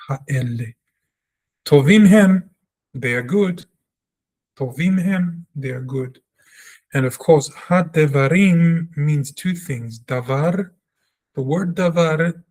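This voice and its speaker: Slow, deliberate male Hebrew teacher. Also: a little high, darkish tone. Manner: deliberate, repeats words and sounds for practice. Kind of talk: slow spoken lesson, reading aloud and explaining.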